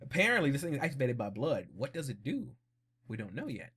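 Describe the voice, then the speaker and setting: A man giving a casual, blunt episode recap in a vlog, animated and laughing often. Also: medium pitch, quick pace, slightly rough. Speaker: vlogger.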